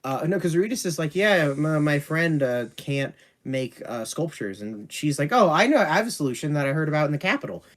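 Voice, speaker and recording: A man's voice: fairly high pitch, very animated, brisk, few pauses. A man co-hosting a casual podcast, ranting sarcastically and swearing in exasperation. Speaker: podcast co-host.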